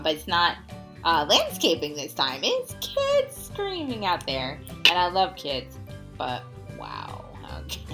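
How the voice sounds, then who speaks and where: A young woman hosting an oracle card reading, talking casually and encouragingly, rambling with ums and little laughs. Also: low voice. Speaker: oracle card reader, channel host. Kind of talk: casual spiritual video talk.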